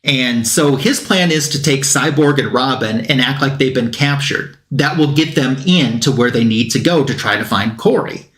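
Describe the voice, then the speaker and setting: A man's voice: mid-range voice, moderate pace, few pauses, a bit bright, reverberant. A man on a comic book talk show retelling a plot in a casual, rambling way, with fillers and quotes that he acts out.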